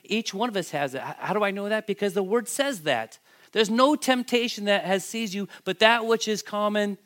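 A middle-aged man preaching a sermon, animated and calling out questions to the congregation. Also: sits high, normal speed. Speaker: pastor.

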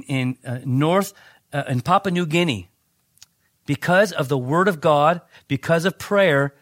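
Conversational preacher, dry close sound. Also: male voice, a little high, a bit bright, dry recording. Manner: conversational preaching with anecdotes, frequent restarts. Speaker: pastor. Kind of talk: sermon.

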